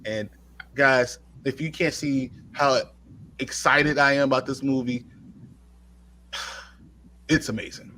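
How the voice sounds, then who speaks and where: A man's voice: medium pitch, slow pace, long pauses, pushed and bright, a little hiss or hum. A man co-hosting a live movie review show, gushing enthusiastically about a film in casual chat.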